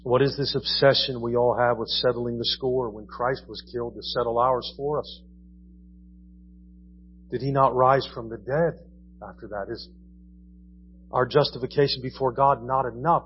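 A man's voice: medium pitch, steady tone, moderate pace, long pauses, dull audio, slight background noise. A man preaching a sermon in a conversational style, asking his listeners question after question. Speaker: pastor. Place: church.

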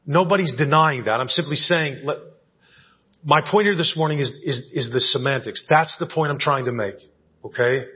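A man's voice: on the high side, moderate pace, slightly rough. A male pastor preaching a conversational sermon in a church, often checking in with the congregation. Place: church sanctuary. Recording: dull lo-fi church audio recording.

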